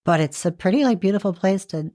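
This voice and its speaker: A woman's voice: mid-range voice, expressive, quick pace, dark tone. A young woman who is a guest on a podcast, chatting casually and filling her talk with "like". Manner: chatty, lots of "like" and short agreements. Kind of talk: casual interview chat.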